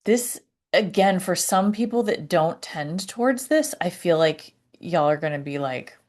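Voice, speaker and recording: A woman talking to camera about her personal healing, halting and searching for words with many fillers and restarts. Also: on the low side, expressive, darkish tone. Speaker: vlogger. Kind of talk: reflective personal talk to camera.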